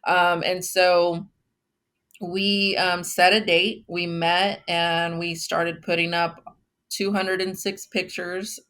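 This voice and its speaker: A woman from Texas, founder of a memorial, telling her story earnestly in a casual interview with many pauses. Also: fairly low pitch, level tone, fairly bright tone, clear, resonant tone.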